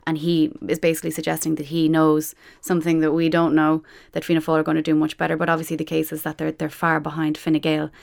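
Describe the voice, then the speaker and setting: A woman's voice: low-pitched, monotone, gravelly, darkish tone. A woman journalist chatting wryly on a radio panel about politics. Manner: brisk, chatty, wry.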